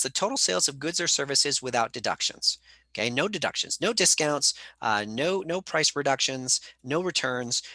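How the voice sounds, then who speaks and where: A man's voice: mid-range voice, bright, forceful tone, no echo. A man teaching a live online college lecture, answering students' chat questions in a conversational way with frequent fillers. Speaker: college instructor.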